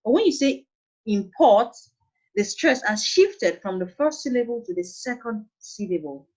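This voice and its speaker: A woman's voice: a little high, very animated, normal speed. A woman with a Nigerian accent teaching an online English lesson, patient and repeating her points. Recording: dull lo-fi online class audio.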